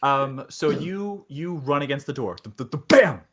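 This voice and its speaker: A man running a tabletop horror game as game master, narrating in a halting way with many fillers. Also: medium pitch, expressive, fairly bright tone.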